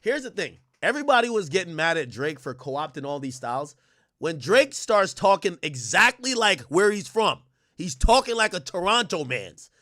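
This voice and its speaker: Man, from Jamaica, American accent, stream host, casual commentary, bright tense tone. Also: high-pitched, sing-song. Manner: quick, chatty, addresses chat directly. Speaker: livestream host.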